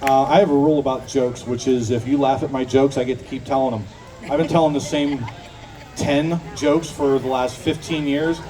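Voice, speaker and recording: A man with a Pittsburgh accent, a folk singer telling a joke and chatting with a festival crowd between songs, self-deprecating and relaxed. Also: medium pitch, normal speed, distant mic, rough recording. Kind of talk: live stage banter and joke telling. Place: outdoor festival stage.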